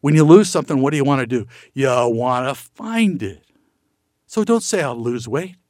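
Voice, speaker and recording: A man's voice: medium pitch, very animated, normal speed, a little mellow, no room sound. Folksy man with a dry close voice. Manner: folksy, acts out quoted voices, rhetorical questions. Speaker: motivational speaker. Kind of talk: motivational talk with golf stories.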